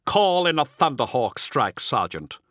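A man's voice: mid-range voice, sing-song, takes it slowly, a bit bright, dry recording, studio quality, pitched above the performer's own voice. A man voicing a commanding, impatient male space marine captain with a clipped, imperious manner. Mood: curt commands.

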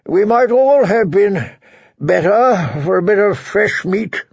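A man reading an audiobook, voicing a tired, gruff old commander. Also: high voice, expressive, moderate pace, no room sound, muffled recording, pitched above the performer's own voice, heavily acted. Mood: weary. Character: old, weary bearded commander.

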